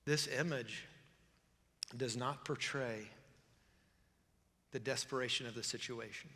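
A man preaching a sermon as pastor, swinging from loud emphatic delivery to hushed pleading and closing with an altar call. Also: mid-range voice, unhurried, long pauses. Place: church sanctuary. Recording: music and long reverb of a hall.

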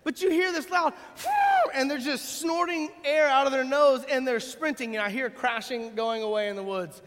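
A man preaching a sermon, telling a funny story in an animated, joking way. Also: very high voice, moderate pace. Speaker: pastor. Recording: long reverb in a big hall.

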